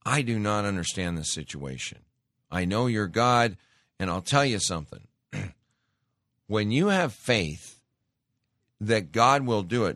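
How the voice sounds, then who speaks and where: A man with a lower voice delivers a sermon, alternating scripture reading with emphatic exhortation. The sound is dry and close, with no room around it. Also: a bit bright, no room sound. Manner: emphatic, exhorting, addresses listeners as folks. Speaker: preacher.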